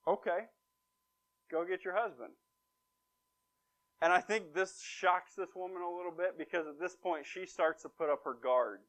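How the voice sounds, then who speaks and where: A man's voice: sits high, fairly even intonation, normal speed, hardly any pauses, a bit bright. A man preaching a conversational sermon, retelling a story with wry, emphatic asides. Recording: dull lo-fi recording.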